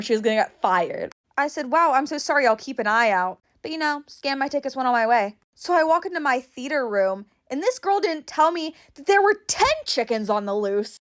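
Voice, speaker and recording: A young woman telling funny stories in a casual storytime style, with animated, exaggerated reactions. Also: a little high.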